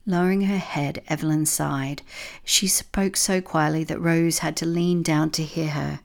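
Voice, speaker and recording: Female storybook narrator, low and gravelly, steady unhurried read. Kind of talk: storybook reading.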